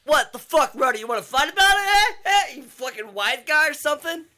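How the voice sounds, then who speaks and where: A man putting on a hot-headed tough guy with a New Jersey accent. He yells in a high, strained pitch and a bright, sharp tone. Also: very animated, brisk, heavily acted. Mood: belligerent. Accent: New Jersey, put on. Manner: shouting, aggressive.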